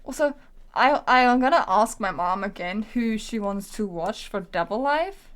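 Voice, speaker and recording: A young woman streaming herself drawing, talking casually and quietly to herself as she works, often trailing off mid-thought. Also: medium pitch, expressive, normal speed. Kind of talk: casual thinking-aloud commentary while drawing.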